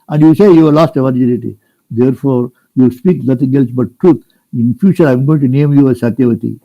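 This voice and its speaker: A man's voice: on the high side, no room sound, highs cut off. An older man from India retelling a scripture story to a group, rambling, restarting and asking plain questions as he goes. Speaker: spiritual storyteller.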